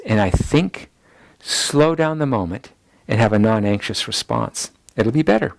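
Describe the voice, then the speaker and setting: A man's voice: on the low side, animated, measured pace, creaky, no room sound. A man teaching a ministry school class, repeating key points so listeners can note them down. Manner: acts out people's anxious inner voices in quotes. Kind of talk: teaching lecture.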